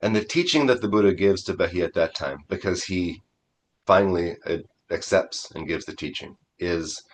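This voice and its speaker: A man, a Zen priest, giving a dharma talk by retelling an old story in a conversational, animated way. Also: low-pitched, moderate pace.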